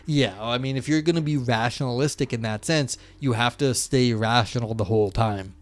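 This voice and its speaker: A man's voice: medium pitch, normal speed. A man reading a philosophy text aloud on a live stream and commenting in a rambling way, full of "you know" and "like". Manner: rambling, filler-heavy, frequent "you know" and "like".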